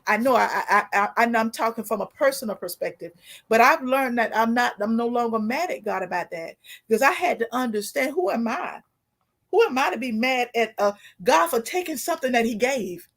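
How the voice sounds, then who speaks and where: Woman co-host, preacher's cadence, scripture-heavy, slightly high voice. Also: expressive, brisk, fairly bright tone. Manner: sermon-like, quotes scripture, many restarts and fillers. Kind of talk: preaching talk-show commentary.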